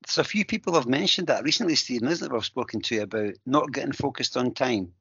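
A man's voice: mid-range voice, fast talker, fairly bright tone, breathy edge, dry recording. Upbeat guy co-hosting a podcast, dry and a bit muffled. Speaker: podcast co-host. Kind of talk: casual podcast chat. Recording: dull lo-fi sound.

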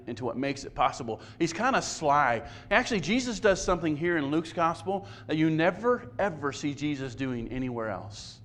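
A man's voice: a little high, slight background noise. A man preaching a sermon as pastor, conversational and self-deprecating, often stumbling and repeating words.

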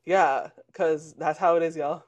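A young man, co-hosting a casual chat and telling animated stories with frequent laughs. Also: on the high side, unhurried. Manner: animated storyteller, laughs often. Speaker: podcast co-host.

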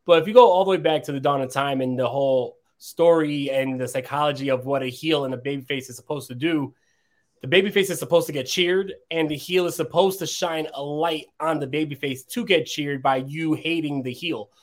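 A man's voice: a little high, fairly quick. A man in a casual talk show, explaining his views steadily with many fillers like "you know". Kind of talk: casual chat.

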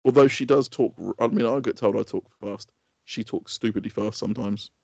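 A man's voice: on the low side, a little fast, creaky, a little mellow, no room sound, lo-fi sound. A man co-hosting a podcast in casual chat, rambling and laughing often. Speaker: podcast co-host.

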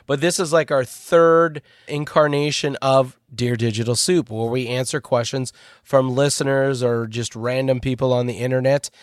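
Male podcast host, casual and animated, dead-dry close mic. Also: medium pitch, normal speed, no room sound. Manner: animated, trails off mid-thought. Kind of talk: casual chat.

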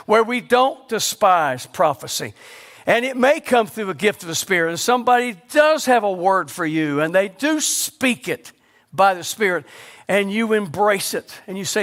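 High-voiced preaching pastor. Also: male voice, expressive, normal speed. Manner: rhetorical questions, sudden drops to a low hush for emphasis. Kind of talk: sermon.

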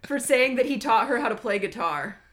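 A woman's voice: a little high, animated, a little fast, fairly bright tone. A woman guest on a podcast, chatting casually with wry, dry remarks.

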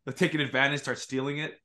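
Bright-voiced joking podcast host man. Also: medium pitch, level tone, slight background noise. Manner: quick banter, jokey interjections, swears casually. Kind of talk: casual podcast chat.

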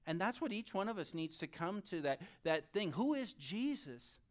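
Animated pastor preaching a sermon. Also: mid-range voice, moderate pace. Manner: animated, swings between loud and soft; addresses the audience directly.

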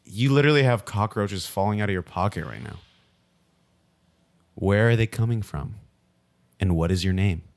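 A man's voice: fairly low pitch, lively intonation, moderate pace, pauses often. A man co-hosting a casual chat who heckles playfully, swearing and sounding incredulous. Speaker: co-host.

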